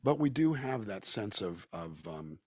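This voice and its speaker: Low raspy guy from socal chatting on a video call, thoughtful and talkative, dry sound. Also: very animated, unhurried, no room sound. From Southern California. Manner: reflective, talkative, acts out quoted voices. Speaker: guest musician and actor. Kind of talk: casual interview chat.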